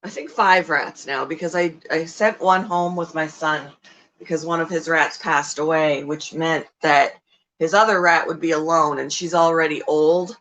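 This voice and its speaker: A middle-aged woman hosts a casual livestream about her pets, rambling and saying "um" often. Her low voice is steady, a bit bright, and moderately paced, though the recording quality is low.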